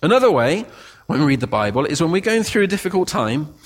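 A man preaches in a church with a slightly higher voice. He drops low and quiet to read verses, then builds to emphatic, near-shouted declarations. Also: very animated, quick pace. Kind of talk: sermon.

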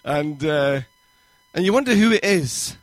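A male pastor giving a sermon in a church, conversational and warm in pacing, with quoted asides and rising emphasis. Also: on the high side, expressive, unhurried, no room sound.

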